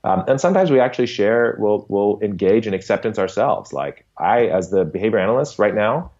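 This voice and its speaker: A man's voice: fairly low pitch, animated, a little fast, darkish tone, muffled recording. A man, a behavior analyst, patiently explaining concepts as a podcast guest and often checking in with "right?". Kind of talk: conversational explanation in an interview.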